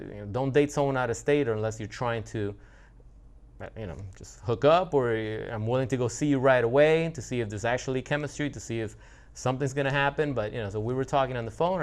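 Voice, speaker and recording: A man giving a blunt, profane monologue about relationships, often restarting his sentences. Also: mid-range voice. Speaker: relationship coach. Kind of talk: casual monologue.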